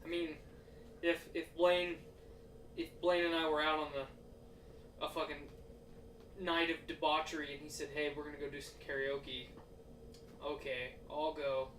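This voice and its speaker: A man's voice: fairly high pitch, level tone, measured pace, pauses often, a bit bright. A man in casual podcast chat, dropping short, wry, profane remarks. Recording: roomy, distant mic with faint noise.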